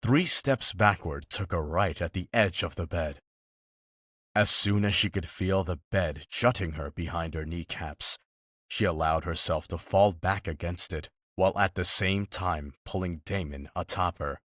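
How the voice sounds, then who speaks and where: Deep-voiced man narrating a romance audiobook. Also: measured pace, fairly bright tone, no echo, clean studio sound.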